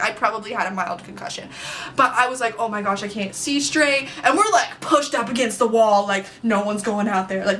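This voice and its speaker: Bright, chatty young woman. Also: mid-range voice. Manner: chatty, filler-heavy, animated. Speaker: vlogger. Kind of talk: casual storytime.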